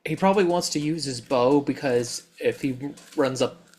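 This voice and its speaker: A man's voice: mid-range voice, moderate pace, a little mellow. Rules-minded man at a game table. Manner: rules-minded, explains mechanics carefully. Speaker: player. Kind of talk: casual tabletop game chat.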